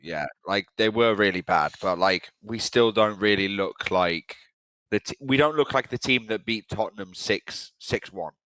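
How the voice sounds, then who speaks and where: A young man talks football in a loose, rambling, sweary way. His voice sits low. It is recorded dry and close, with no room sound. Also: moderate pace, a bit bright, dry recording. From England. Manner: blunt, sweary, rambling fan talk. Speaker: podcast co-host. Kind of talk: casual football chat.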